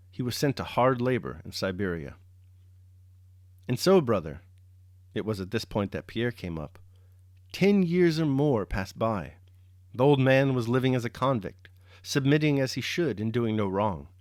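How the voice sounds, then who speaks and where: A man's voice: medium pitch, no echo. Man reading a novel aloud, dry sound. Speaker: reader and host. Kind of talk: audiobook-style novel reading.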